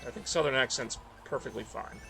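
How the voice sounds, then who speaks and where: A man's voice: medium pitch, a little fast, creaky, sharp tone, faint music behind. A man from the Northeast US, tired and rambling in casual chat while streaming a racing game. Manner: rambling, self-deprecating, mumbly asides.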